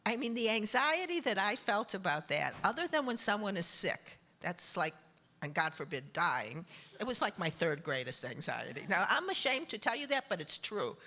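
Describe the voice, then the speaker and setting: Older woman, bright lively voice, warm funny storyteller, laughs a lot as she talks. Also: mid-range voice, moderate pace. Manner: expressive storytelling with frequent laughter. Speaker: honored guest interviewee. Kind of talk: animated anecdote on stage.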